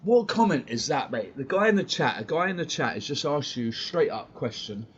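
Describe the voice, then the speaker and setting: Male stream host, heated sweary rant, mid-pitched, dull lo-fi mic. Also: animated, moderate pace, a bit bright, husky. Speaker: fan channel host. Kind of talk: ranting live-stream commentary. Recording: dull lo-fi stream audio with faint noise.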